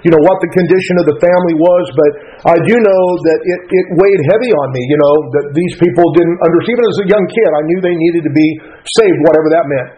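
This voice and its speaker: A man's voice: on the high side, fast, few pauses, warm tone, highs cut off. A middle-aged man, a pastor telling his life story in a folksy, earnest way that keeps correcting itself, heard in a radio broadcast. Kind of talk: personal storytelling talk.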